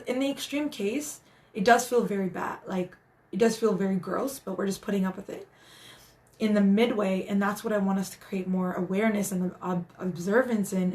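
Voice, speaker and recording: A woman's voice: medium pitch, a little mellow. A woman hosting a casual live stream as a spiritual guide, talking in an earnest, encouraging way with many restarts.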